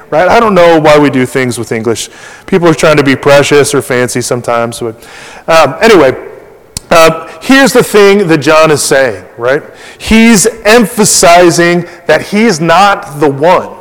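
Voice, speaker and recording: A middle-aged man preaching a sermon as pastor, chatty and conversational, full of fillers and restarts, acting out quotes with animation. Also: a little high. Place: church sanctuary. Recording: long reverb of a church hall.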